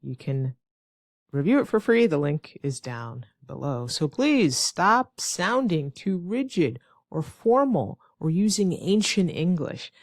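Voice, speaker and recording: An American woman teaching English phrases in an online lesson, lively and with playful acted-out examples. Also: lowish voice, slow, no echo, studio quality.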